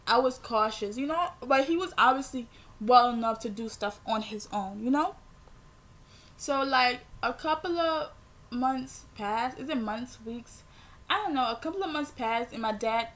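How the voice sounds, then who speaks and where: Animated young woman telling a story. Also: fairly high pitch. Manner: rambling, animated retelling with filler words. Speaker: vlogger. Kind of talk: storytime vlog.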